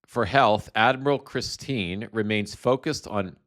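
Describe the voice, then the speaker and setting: A man's voice: on the low side, measured pace, fairly bright tone. A man hosting a casual political commentary show, sarcastic and stumbling, repeating words as he goes. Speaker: host.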